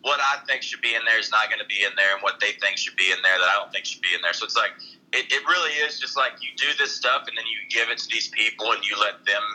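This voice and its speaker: A man's voice: on the low side, fast talker, poor audio. A young man with a Southern accent, a comedian chatting casually on a podcast, telling rambling, profane stories. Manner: rambling, profane, animated storytelling. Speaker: comedian guest.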